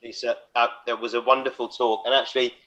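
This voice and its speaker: Bright-voiced man chairing online. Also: mid-range voice, level tone, quick pace. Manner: friendly, introduces speakers with thanks. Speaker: session chair, consultant. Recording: muffled lo-fi video call audio.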